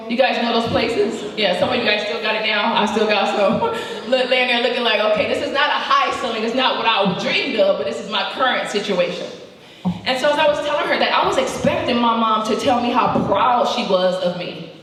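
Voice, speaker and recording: A woman's voice: on the high side, fairly bright tone, a little hiss or hum. A woman from South Central Los Angeles giving a playful, chatty motivational talk to a live audience, telling stories and calling out to the crowd. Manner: chatty, playful storytelling with audience call-outs. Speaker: motivational speaker. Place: event hall with audience. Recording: echoey hall, distant mic.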